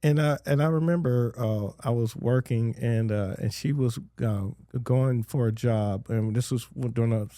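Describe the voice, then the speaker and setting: A man as a podcast guest, telling stories in a rambling way with lots of restarts and lively acted-out quotes. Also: medium pitch, normal speed, hardly any pauses, dry recording, studio quality. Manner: rambling storyteller, many fillers and restarts, animated quotes. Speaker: guest, business owner. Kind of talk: casual interview chat.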